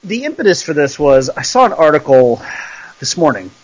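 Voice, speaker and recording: A man co-hosting a casual sports talk show, laid-back and quick to react. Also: a little high, sing-song, muffled recording. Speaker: podcast co-host.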